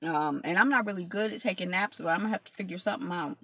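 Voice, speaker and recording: A woman's voice: on the low side, rapid-fire, pushed and bright, breathy edge. A woman chatting casually to viewers while eating on a live stream, rambling with lots of fillers and answering comments as they come in. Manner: loose, rambling talk full of fillers. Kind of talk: casual mukbang live chat. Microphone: phone camera.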